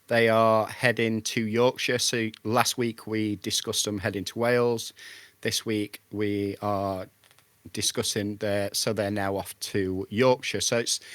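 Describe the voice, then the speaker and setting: A man from the UK hosting a casual podcast, chatty and relaxed with plenty of fillers. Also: on the low side, no room sound. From United Kingdom. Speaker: podcast host.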